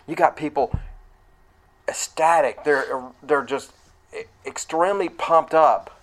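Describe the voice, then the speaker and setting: A man preaching a sermon in a conversational way, explaining scripture verse by verse and now and then rising to loud, excited retelling. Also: fairly high pitch, slow, poor audio.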